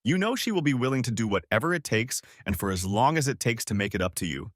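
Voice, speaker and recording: A man voicing a calm woman who speaks softly but firmly, in a story audiobook. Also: medium pitch, quick pace, dry recording, studio quality, natural voice. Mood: soothing. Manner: soft but firm, soothing. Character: calm persuasive woman, the wife's friend. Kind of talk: audiobook character voice.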